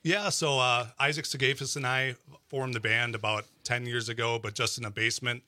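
Bright-voiced guitarist guy. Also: mid-range voice, little pitch movement, brisk, no room sound, clean studio sound. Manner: easygoing storyteller, many fillers and restarts, laughs. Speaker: band guitarist. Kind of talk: casual radio interview. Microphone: studio mic, dry.

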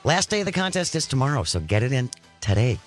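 A man's voice: medium pitch, sing-song, quick pace, faint music behind. A man hosting a radio show, recapping a news story and chatting with his co-host. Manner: chatty, reads stories then riffs. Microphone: studio microphone.

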